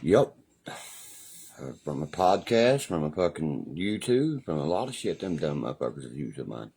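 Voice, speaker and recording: A young West Virginia man with a very low, deep voice rants on a livestream, boastful and full of curses. His accent is broad and country, and he keeps checking in with "you know what I mean". A faint hiss of noise sits under the recording. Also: big pitch swings, moderate pace, vocal fry, a little mellow. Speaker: live streamer. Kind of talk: casual ranting livestream.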